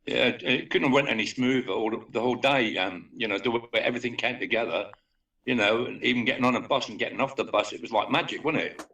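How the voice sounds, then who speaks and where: Man guest, measured and reflective, crisp bright tone, off-mic. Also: mid-range voice. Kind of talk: casual chat. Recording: voice distant from the mic.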